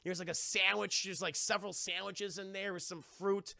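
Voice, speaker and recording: An animated male streamer runs through a cartoon scene by scene and talks to his chat. His voice sits high, with a heavy gravelly rasp. The room is dry and close. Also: normal speed, dry recording. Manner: animated, profane, addresses chat. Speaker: streamer, show reviewer. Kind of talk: casual live-stream commentary.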